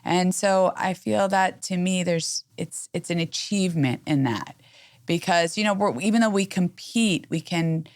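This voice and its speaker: A woman's voice: fairly low pitch, a little slow, no room sound. A middle-aged woman, a company head talking as a guest, effusive and chatty with many restarts. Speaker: brokerage CEO guest. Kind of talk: casual interview chat.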